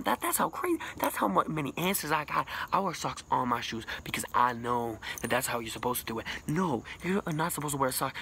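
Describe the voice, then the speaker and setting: A man rambling as a boastful mock self-help guru, jumping between loud bursts and hushed whispers with a self-described put-on accent and lisp. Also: a little hiss or hum. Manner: rambling, boastful, absurd know-it-all; sudden pitch jumps and dropped whispers. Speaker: comedic vlogger.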